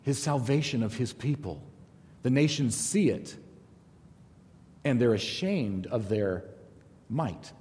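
A middle-aged man leads a Bible study in a church hall, his mellow voice swinging lively up and down as he tells stories and jokes. His talk rings with a long reverb from the hall around him. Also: mid-range voice, slow pace, long pauses. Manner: conversational, animated storytelling with jokes. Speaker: Bible teacher.

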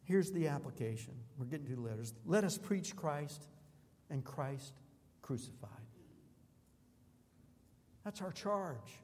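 A man's voice: a little high, lively intonation, measured pace, pauses often, darkish tone. A man preaching a sermon as a pastor, emphatic and declamatory, building through rhythmic repetitions. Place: church sanctuary. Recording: long reverb of a large hall.

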